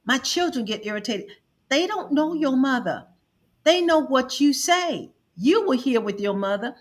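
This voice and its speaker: A woman's voice: high-pitched, animated, unhurried. A middle-aged woman hosting an advice show, speaking emphatically and acting out quoted family members as she counsels. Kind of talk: counseling talk.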